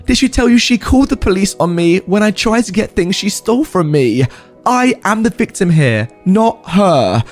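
A furious, entitled young woman rants in a shrill, high-pitched voice, as a male narrator puts her on. She fires off demands, her voice pitched well above the narrator's own. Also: very animated, moderate pace, soft background music. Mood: ranting.

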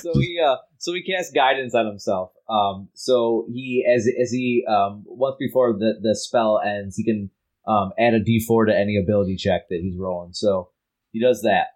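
A man's voice: fairly low pitch, normal speed, darkish tone, poor audio. A man playing a tabletop game who rambles casually, swears, and restarts his sentences. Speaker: player.

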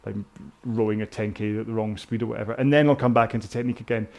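A man's voice: on the low side, fairly even intonation, quick pace, gravelly, darkish tone. A British man coaching a rowing workout, talking casually and rambling in a self-mocking way. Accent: British English. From Britain. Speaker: rowing instructor. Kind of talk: casual talk over a row-along workout.

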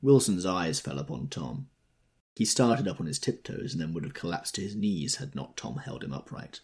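A man narrating a novel in a measured, expressive storytelling manner. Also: deep voice, slightly rough. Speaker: audiobook narrator. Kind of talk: scripted literary narration.

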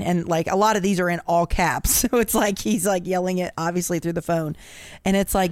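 A woman co-host reads funny text messages and lists aloud, giggling often through them. Her voice sits low for a woman and sounds smooth and clean. The recording is close and dry, with no room sound. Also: a little fast, darkish tone, dry recording. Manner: giggly, laughs often while reading aloud. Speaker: podcast co-host. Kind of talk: casual chat, reading out funny posts.

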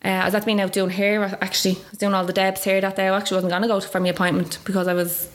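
A young Irish woman talks at a rapid clip, sharing a personal story as an interview guest. She is chatty, leans on "like," and acts out what others said to her. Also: medium pitch, flat delivery. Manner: chatty, lots of "like", acts out quoted voices. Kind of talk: personal story told in conversation.

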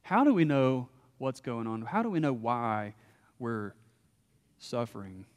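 A man preaching a sermon as a pastor, impassioned and rising to loud emphasis. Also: mid-range voice, animated, unhurried, smooth, big-room sound.

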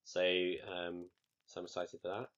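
Man, casual co-host, lowish voice, measured and wry, muffled lo-fi audio. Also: little pitch movement, fairly bright tone. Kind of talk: casual chat.

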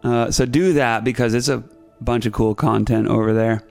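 A man's voice: mid-range voice, fairly even intonation, normal speed, gravelly, darkish tone, soft background music. A man co-hosting a podcast in casual, joking chat. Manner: joking, slips into mock Irish and Scottish accents. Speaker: podcast co-host.

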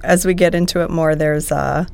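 A woman with a fairly low voice and a gravelly, creaky edge chats casually as a podcast co-host. She rambles in a playful, jokey way. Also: fairly even intonation, moderate pace, darkish tone. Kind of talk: casual chat.

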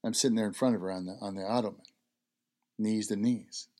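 A man's voice: fairly low pitch, steady tone, fairly quick, darkish tone. A man hosting a health talk, telling a personal story in a conversational way and repeating key phrases for emphasis. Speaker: host.

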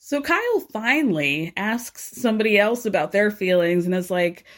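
A woman's voice: mid-range voice, very animated, moderate pace. Chatty, sarcastic woman recapping gossip. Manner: chatty, sarcastic, quotes people in her own voice. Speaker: reality TV recapper.

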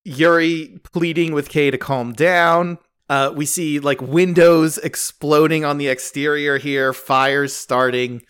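Smooth-voiced man recapping a scene. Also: a little high, slow pace, few pauses. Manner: animated scene-by-scene retelling with quoted lines. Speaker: podcast co-host. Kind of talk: casual recap chat. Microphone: close home podcast mic.

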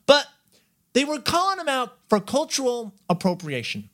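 A man's voice: extremely high pitch, big pitch swings, moderate pace, fairly bright tone. A man co-hosting a podcast in casual chat, rambling and restarting his sentences, laughing often. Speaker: podcast co-host.

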